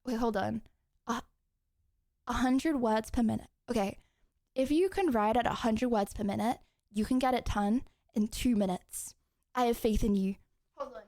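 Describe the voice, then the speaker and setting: A woman's voice: fairly high pitch, moderate pace, a little mellow, no echo, clean studio sound. A young woman streaming live, chatting casually with her viewers in a bubbly, giggly way. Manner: bubbly, giggly, cheering chat on.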